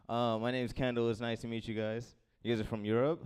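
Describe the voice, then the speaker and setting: A man doing stand-up on a club stage, laid-back and mumbling, breaking into bursts of shouting at the crowd. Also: mid-range voice, little pitch movement, normal speed, pauses often, smooth. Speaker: stand-up comedian.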